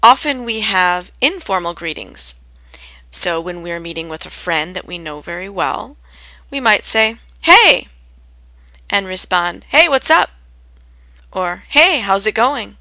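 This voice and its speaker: A woman gives a lesson on everyday English greetings, her tone bright and a little sharp. She speaks clearly and deliberately, lifting her voice to act out each example phrase. The recording is dry and close. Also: mid-range voice, expressive, no echo. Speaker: English teacher. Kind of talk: scripted lesson on spoken greetings.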